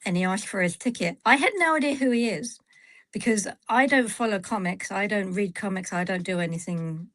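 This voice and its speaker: British woman telling an animated story. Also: mid-range voice, fairly quick, dry recording, rough recording. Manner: animated storytelling, acting out dialogue. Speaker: stream guest. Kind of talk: casual chat.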